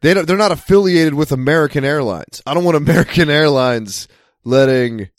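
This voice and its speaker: A man's voice: on the high side, fairly quick, dry recording. Sarcastic, joking man, dry sound. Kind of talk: casual chat.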